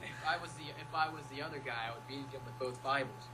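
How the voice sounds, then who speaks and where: A young male music producer with a slightly high, pushed, bright voice talks fast and steadily on a rough recording. In a casual interview chat, he playfully rambles through stories and acts out the quotes.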